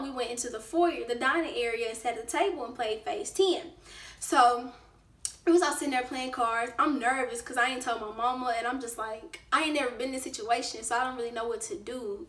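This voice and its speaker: A woman vlogger telling a casual storytime, lively and acting out what people said. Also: a little high, recorded from a distance. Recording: roomy echo, away from the mic.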